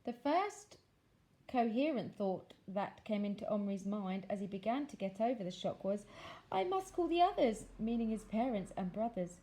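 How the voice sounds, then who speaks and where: A woman teacher reading a children's novel aloud, with expressive, measured storytelling that slows for dramatic phrases. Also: mid-range voice, poor audio.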